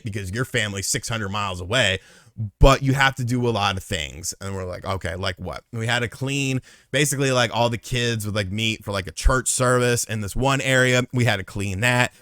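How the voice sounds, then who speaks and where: A man around thirty telling a story casually, acting out the quotes with big jumps in loudness and swearing freely. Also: no echo, clean studio sound. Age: late 20s or 30s. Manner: animated, acts out quotes with big swings in pitch and volume, swears freely.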